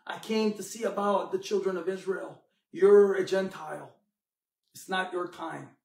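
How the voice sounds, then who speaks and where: A man voicing a firm male teacher who speaks low, quickly and matter-of-factly. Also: steady tone, vocal fry, darkish tone, recorded from a distance. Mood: dismissive. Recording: echoey room, mic from afar.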